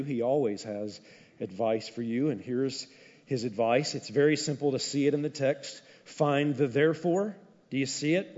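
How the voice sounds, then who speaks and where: A male pastor preaching a sermon in an animated, conversational way, with frequent asides to the congregation. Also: mid-range voice. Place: church sanctuary. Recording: dull, echoey hall recording.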